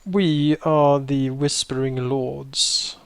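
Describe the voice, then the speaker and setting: A man voicing a courteous, self-assured wizard who speaks formally with slow emphasis. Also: medium pitch, steady tone, clear, resonant tone, dry recording. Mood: formal, courtly. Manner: formal, theatrical bowing speech with slow emphasis.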